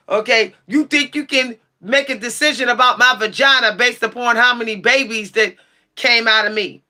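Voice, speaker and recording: Sassy, heated woman livestreamer, bright high voice. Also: moderate pace. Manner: sassy, blunt, profane, shouts at times. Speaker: livestream tarot channel host. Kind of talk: heated livestream rant answering chat.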